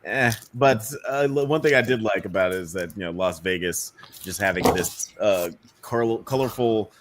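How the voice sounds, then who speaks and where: A man co-hosting a casual podcast, chatting in a relaxed way and laughing often. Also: fairly low pitch, normal speed, heavy background noise. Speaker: podcast co-host. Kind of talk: casual chat.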